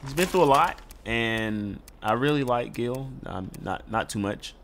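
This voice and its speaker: A man playing a video game at home, commenting excitedly and shouting at the characters. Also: medium pitch, unhurried, a little hiss or hum. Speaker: gaming YouTuber. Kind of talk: let's play commentary. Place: home room.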